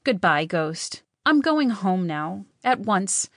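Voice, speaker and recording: A woman's voice: medium pitch, big pitch swings, slow, dry recording, heavily acted. Lady reading as a sorry young runaway girl, earnest, dry close sound. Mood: earnest, remorseful. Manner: earnest and emotional. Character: impulsive, remorseful young woman runaway. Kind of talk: audiobook reading.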